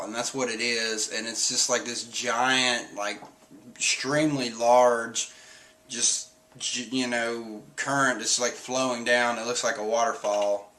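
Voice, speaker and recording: A young man walks through a comic chapter in a loose, chatty way, laughing often and breaking into silly voices for quotes. His voice is bright and forward, and his pitch sits in a middle range. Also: fairly even intonation, measured pace, poor audio. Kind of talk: casual recap commentary.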